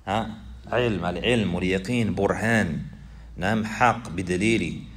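Low-voiced man teaching a class. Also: very fast, fairly bright tone. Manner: repetitive, asks students questions, mixes Arabic recitation. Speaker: Islamic teacher. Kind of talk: classroom lesson explaining a text.

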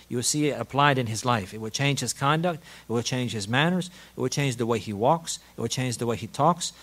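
Fast-talking earnest male religious teacher. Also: medium pitch. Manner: earnest, repetitive emphasis, switches into quick Arabic quotations. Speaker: Islamic teacher. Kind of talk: religious lesson explaining a classical text.

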